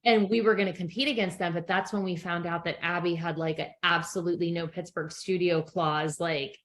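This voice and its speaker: A woman's voice: fairly low pitch, steady tone, a little fast, fairly bright tone, slight background noise. A middle-aged woman co-hosting a podcast in casual chat, telling stories and acting out quotes with frequent laughs. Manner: chatty storyteller acting out quotes, laughs often. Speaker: podcast co-host. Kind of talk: casual chat recapping a reality show.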